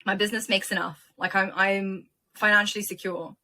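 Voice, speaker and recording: A young woman from Ukraine, interviewed as a guest, retelling events in an animated, emotional way. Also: medium pitch, a little fast. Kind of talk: casual interview storytelling.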